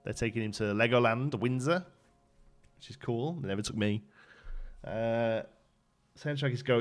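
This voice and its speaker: With a mid-range voice at normal speed, a Birmingham streamer in his thirties pauses often while chatting casually with his live-stream audience. His Brummie accent comes through as he rambles and restarts, faint music playing underneath.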